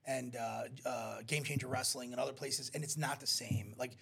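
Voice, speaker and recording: Male interview guest, raspy and gravelly, animated storyteller. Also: mid-range voice, moderate pace. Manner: animated storyteller, acts out quotes. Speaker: wrestling promoter guest. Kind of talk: casual interview chat.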